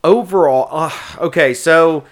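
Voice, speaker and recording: A man hosting a podcast, chatting casually about movies in an excitable, rambling way. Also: on the high side, a little slow. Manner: excitable and rambling, jumps between thoughts. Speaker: podcast host.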